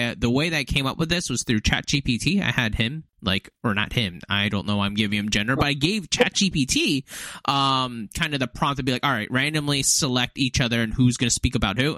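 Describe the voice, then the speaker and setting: A man's voice: mid-range voice, sharp tone, dry recording. A man hosting a casual podcast chat, rambling with lots of fillers and frequent laughs. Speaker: podcast host and league commissioner.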